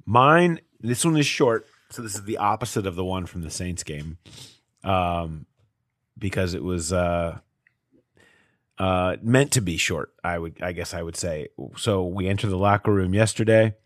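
A low-pitched, unhurried man co-hosts a podcast as a sports reporter, telling stories casually with plenty of fillers and laughing at his own tales. The studio-quality recording has no echo.

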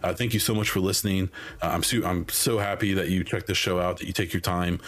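A man with a very low voice talks through a solo podcast in loose, rambling chat, full of fillers and restarts. His voice is wearing thin as though he is losing it. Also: fairly even intonation, fast, fairly bright tone. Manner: rambling, many ums and restarts. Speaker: podcast host. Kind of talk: casual solo podcast talk.

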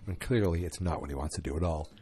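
A man's voice: low voice, fast talker, warm tone. A tired man yawning through a chatty, rambling late-night recap of a TV episode, full of fillers.

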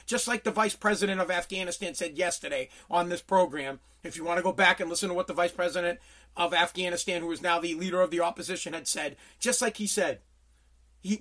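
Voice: medium pitch, fairly bright tone. A podcast host in an angry political rant, swearing constantly, hammering the same phrases over and over and stumbling over restarts when worked up. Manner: profane, heated, repeats phrases for emphasis.

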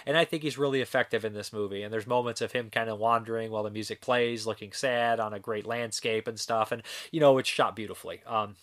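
A man's voice: fairly low pitch, steady tone, quick pace, hardly any pauses, fairly bright tone. A man giving a loose, rambling, casual spoken review of a film, as the host of his own review show.

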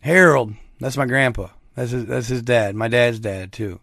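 A man's voice: mid-range voice, normal speed, fairly bright tone, no room sound, clean studio sound. A man talking casually with his viewers, telling a rambling story full of slang. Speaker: streamer chatting with viewers. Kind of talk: casual chat.

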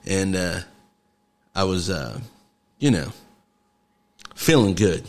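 A man hosting a casual podcast from a garage, easygoing and quick to laugh, with lots of fillers. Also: sits low, big pitch swings, a little mellow. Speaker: podcast host. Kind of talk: casual chat.

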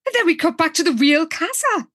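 A woman's voice: very high-pitched, very animated, fairly quick, a bit bright. A woman co-hosting a podcast, chatty and giggly as she recaps an episode and acts out quotes. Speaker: podcast co-host.

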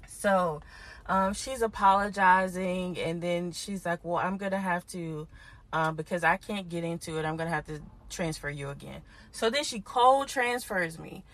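A woman with a fairly low voice tells a long story on her podcast. She is animated and exasperated, and she turns aside to talk to her listeners as she goes. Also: no echo. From Houston. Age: adult parent. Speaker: podcast host. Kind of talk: casual storytelling monologue.

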